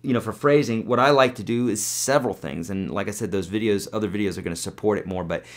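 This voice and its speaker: A man with a fairly low voice teaches guitar on a live webcast. He talks in a relaxed, rambling way, picking up viewer questions and answering them on the spot with plenty of filler words. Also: fast. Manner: chatty, loose, answers viewer comments with fillers and demos.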